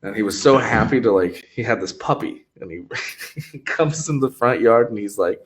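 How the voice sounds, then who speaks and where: A man's voice: on the low side, animated, normal speed. Casual swearing podcast host, man. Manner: rambling storyteller, swears a lot, laughs often. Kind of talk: casual chat.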